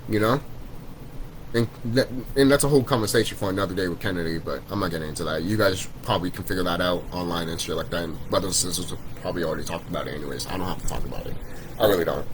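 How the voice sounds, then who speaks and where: A deep-voiced man fires off a rapid, heated rant to his vlog viewers, repetitive and laced with swearing, on spiritual themes. Background noise runs under the recording.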